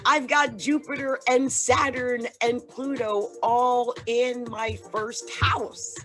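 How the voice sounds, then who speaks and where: A woman's voice: on the high side, steady tone, slow pace, a bit bright. A woman astrologer hosting her own channel, talking casually and rambling, often breaking off mid-thought. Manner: rambling, self-interrupting. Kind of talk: casual vlog talk. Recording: clear music under the voice.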